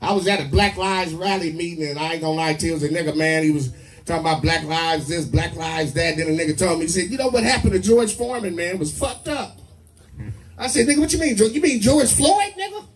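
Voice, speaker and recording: A man doing a crude, rowdy stand-up set full of loud character bits. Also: on the high side, quick pace. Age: 40s. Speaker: stand-up comedian. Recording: live club mic, distant with crowd noise.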